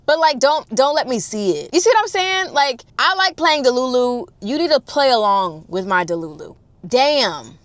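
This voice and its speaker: A woman in her twenties telling a storytime vlog in a dramatic, animated, chatty way, talking straight to her audience. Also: sits high, normal speed, no echo. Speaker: storytime vlogger.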